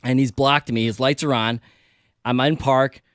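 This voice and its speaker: A man co-hosting a radio show, telling a story with lively quotes of himself and others. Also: moderate pace, smooth, dry recording, studio quality. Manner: animated storyteller, acts out quotes with big pitch jumps. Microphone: studio microphone.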